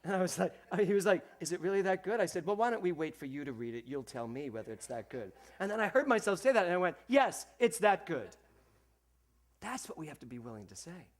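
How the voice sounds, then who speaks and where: A man preaching a sermon to a congregation, animated, acting out the voices he quotes and speaking directly to his listeners. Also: a little high, fast, hardly any pauses. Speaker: minister.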